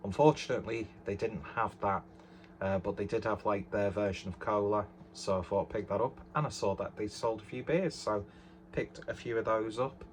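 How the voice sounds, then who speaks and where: A man's voice: lowish voice, moderate pace, a little hiss or hum. Rambling man reviewing beer at home. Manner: rambling, self-deprecating, many fillers. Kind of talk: casual beer review vlog. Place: bedroom at home. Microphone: camera on tripod.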